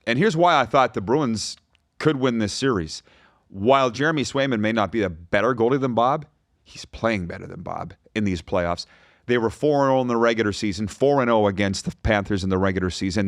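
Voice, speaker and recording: Male sports podcast host, energetic and emphatic, close dry studio mic. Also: on the low side, a little fast, no echo. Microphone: studio microphone.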